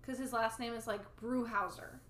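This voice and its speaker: A woman co-hosting a podcast, chatting casually and arguing back about a movie. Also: on the high side. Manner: chatty, animated, quick to argue back. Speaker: podcast co-host. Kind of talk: casual chat reviewing a movie. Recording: echoey room with faint background noise.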